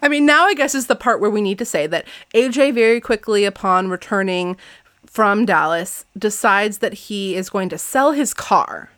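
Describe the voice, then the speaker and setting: A woman's voice: medium pitch, lively intonation, normal speed, fairly bright tone, dry recording, studio quality. Laughing woman chatting about a book. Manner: laughs often, reads passages aloud. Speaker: podcast co-host. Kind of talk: casual book discussion.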